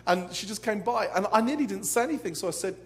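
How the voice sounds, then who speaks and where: A man's voice: high voice, animated, quick pace. A man preaching a live sermon to a conference crowd in a hall, with dramatic, comic storytelling. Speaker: pastor.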